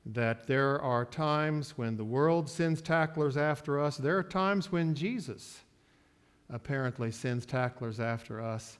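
A man preaching a sermon, moving from quiet asides to loud, drawn-out declarations. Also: medium pitch, clean tone. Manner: slow, emphatic preaching with sports metaphors; swings from soft asides to loud, stretched-out declarations. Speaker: pastor.

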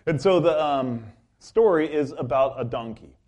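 A pastor preaches a sermon, telling a story full of fillers and restarts. His voice is fairly high and a little mellow, with lively intonation at a moderate pace.

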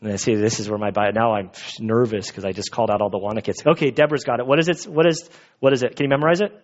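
A man's voice: fairly low pitch, very fast. Earnest man preaching a sermon. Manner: earnest, conversational, emphatic. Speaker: pastor. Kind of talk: expository sermon. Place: church sanctuary. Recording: dull lo-fi recording.

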